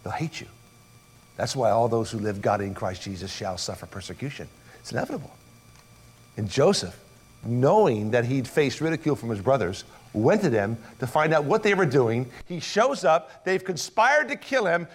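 A male preacher tells a story with plenty of drama, swinging between quiet low lines and loud, animated ones. His speaking voice sits a little higher than most men's. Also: normal speed. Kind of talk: sermon.

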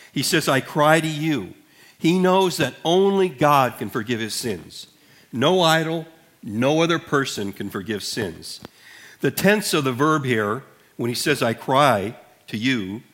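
Earnest male preacher, measured and emphatic. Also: mid-range voice, a bit bright. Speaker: pastor. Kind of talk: sermon.

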